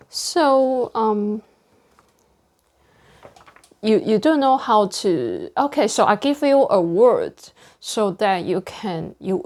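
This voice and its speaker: A woman who is not a native English speaker leads a casual pronunciation practice. She talks at an unhurried pace and sounds out each word deliberately. Her voice sits in an ordinary middle pitch. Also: a little mellow. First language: non-native English speaker. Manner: speaks slowly and deliberately, over-articulating word endings. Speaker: pronunciation learner sharing lessons. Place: indoor room with a whiteboard. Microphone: camera close to the face.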